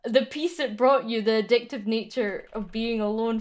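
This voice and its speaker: Young woman streamer, chatty and jumpy, swears a lot, slightly high voice. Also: moderate pace, hardly any pauses. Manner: jumpy and easily flustered. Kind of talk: casual livestream chat.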